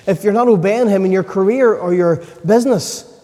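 A man preaching a sermon, earnest and emphatic, pausing to stress key points. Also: high voice, warm tone. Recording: long reverb of a large hall.

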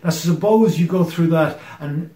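An earnest male pastor delivers a sermon with emphatic phrasing and sentences that often sink to a hushed close. His voice sits slightly high for a man and rings around an echoey room. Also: a little slow.

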